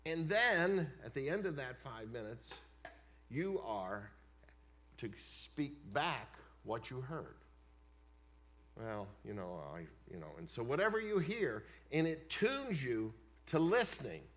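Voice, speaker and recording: A man preaching a sermon as pastor of a church, emphatic, swinging between loud declarations and hushed asides. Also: a little high, sing-song, takes it slowly. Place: church sanctuary.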